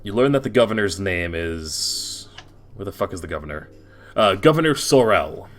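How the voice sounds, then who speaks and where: A man's voice: deep voice, expressive, normal speed, fairly bright tone, soft background music. A young man narrating a tabletop game as game master, rambling with many restarts and fillers.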